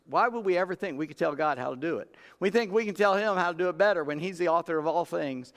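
High-voiced folksy preacher man, echoing hall. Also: fast, hardly any pauses. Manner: folksy, conversational preaching that acts out Bible characters. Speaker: pastor. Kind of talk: sermon. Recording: long reverb of a large room.

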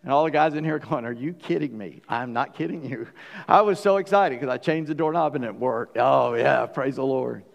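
A man's voice: mid-range voice, a little fast, gravelly, big-room sound, highs cut off. A man preaching a sermon in a church, asking rhetorical questions and acting out little stories. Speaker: pastor. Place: church sanctuary.

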